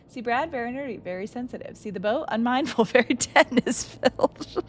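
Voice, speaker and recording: A young woman streams a horror game, her fairly high voice expressive and moderately paced, with slight background noise and faint game music behind. Her casual commentary is blunt and profane, peppered with jokes.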